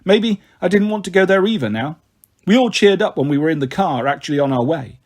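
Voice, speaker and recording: A man reading a children's novel aloud in a steady, expressive way. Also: high-pitched, brisk. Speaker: storyteller.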